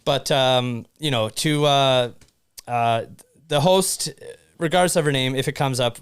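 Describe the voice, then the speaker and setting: A man's voice: mid-range voice, clear, resonant tone, no room sound, clean studio sound. A young man co-hosting a podcast, talking casually with lots of restarts and fillers. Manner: halting, many restarts and fillers. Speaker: podcast co-host. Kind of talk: casual conversation.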